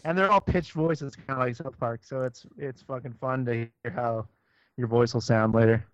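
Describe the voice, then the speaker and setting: A man's voice: medium pitch, steady tone, normal speed, clean tone, dry recording. A man co-hosting a podcast in casual chat, giving short replies, laughing and swearing now and then. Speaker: podcast co-host. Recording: dull lo-fi dry audio.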